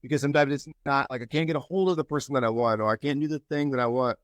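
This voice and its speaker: A man sharing encouragement and telling a story in a casual group call, lively when he quotes people. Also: medium pitch, very fast, no echo. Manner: storytelling, animated when quoting others. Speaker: mastermind group member.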